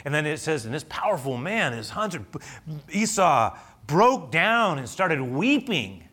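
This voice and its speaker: A male pastor preaching a sermon, telling a scripture story with lively, acted-out energy. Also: fairly high pitch, a little slow. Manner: animated storyteller, acting out the scripture.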